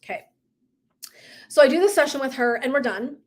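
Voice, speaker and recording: A woman wellness coach telling a personal story in a casual live talk, animated and often laughing. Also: high voice, brisk.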